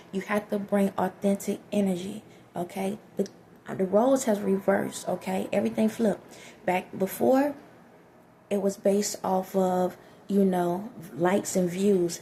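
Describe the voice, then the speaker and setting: Woman vlogger, soft but direct, kinda gravelly, preachy advice, keeps asking okay?. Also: mid-range voice, a little hiss or hum. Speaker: vlogger giving life advice. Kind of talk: direct-to-camera motivational talk.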